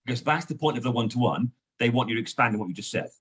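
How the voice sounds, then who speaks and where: A man, a sales trainer and guest, coaching in a lively, emphatic way. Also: medium pitch, racing, husky. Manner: lively, emphatic coaching with frequent "you know". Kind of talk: coaching conversation.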